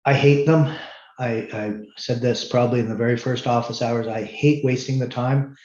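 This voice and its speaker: A man's voice: medium pitch, steady tone, moderate pace, darkish tone. A middle-aged man, a university instructor holding office hours, talking bluntly and firmly with many ums and restarts. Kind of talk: online office hours talk to students. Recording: roomy, slightly dull sound.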